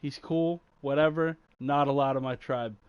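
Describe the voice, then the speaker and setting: A man's voice: medium pitch, fairly even intonation, normal speed, clean tone, no echo, phone-quality sound. A young man chatting casually while he plays a game, rambling and slangy with lots of fillers. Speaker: gaming channel host.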